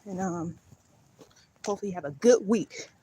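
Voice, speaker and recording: Walking her dog outdoors at night, a woman livestreams casually into a phone held in her hand. Her voice is fairly low and dark with a breathy edge, at a normal speed, and she rambles as she walks, breaking off to call the dog.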